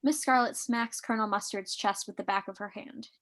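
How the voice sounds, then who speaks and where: A woman briskly reading stage directions in a live script reading, lightly amused. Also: mid-range voice, fairly even intonation, a bit bright.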